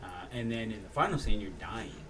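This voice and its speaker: A man's voice: on the low side, a little fast. A man, an actor, telling stories in casual conversation, acting out the quotes animatedly. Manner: animated storyteller, acts out quotes. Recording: slightly distant mic with faint background noise.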